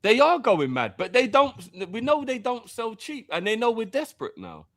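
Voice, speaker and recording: Animated man hosting a live show. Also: very high-pitched, no echo. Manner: animated, laughing, quick to tease. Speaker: host of a live fan show. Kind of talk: casual live-stream banter and reading viewer messages.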